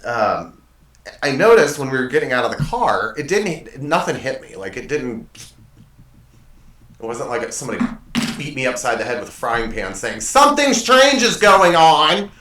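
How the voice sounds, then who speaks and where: A man's voice: mid-range voice, animated, moderate pace, a bit bright. A man hosting his own show, telling stories in a rambling, self-correcting, self-deprecating way at his desk. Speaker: show host. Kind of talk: casual monologue storytelling. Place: desk in a home studio. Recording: echoey room, mic at a distance.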